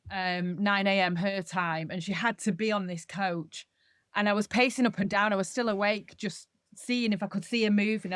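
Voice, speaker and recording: A woman's voice: medium pitch, dry recording, studio quality. A woman in her forties, a podcast co-host, telling stories in a casual chat and laughing often. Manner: animated, laughing storyteller.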